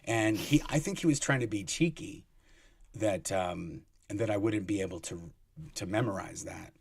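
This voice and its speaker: A man telling rambling, animated anecdotes as a guest, with many restarts. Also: fairly low pitch, moderate pace, vocal fry, slight background noise. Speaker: guest, former Sea Org member. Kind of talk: casual storytelling in an interview.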